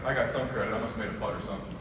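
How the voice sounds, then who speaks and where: A man's voice: lowish voice, fairly even intonation, very fast. A middle-aged man gives a motivational stage speech to a live audience, driving his points home by repeating key phrases. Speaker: motivational speaker. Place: large hall with a live audience. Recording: echoey hall, from far off, with ambient noise.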